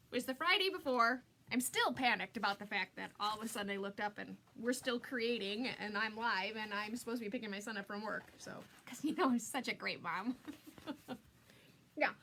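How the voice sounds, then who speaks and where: A woman's voice: on the high side, bright, forceful tone, a little hiss or hum. A woman in her forties hosting a live-stream craft tutorial, chatty and giggly, greeting viewers by name. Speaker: craft product designer hosting a live demo.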